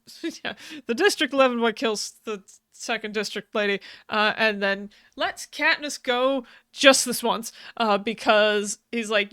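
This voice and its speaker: A woman's voice: a little high, a little slow, a bit bright, clear, resonant tone, no echo, studio quality. A woman co-hosting a podcast, casually recapping a book's plot, swearing freely and laughing often between sentences. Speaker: podcast co-host. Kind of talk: casual book recap chat.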